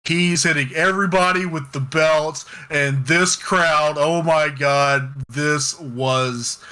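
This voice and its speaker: A man co-hosting a wrestling review podcast, recapping a match in excited, casual chat, swearing and getting loud. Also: a little high, takes it slowly, smooth. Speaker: podcast co-host.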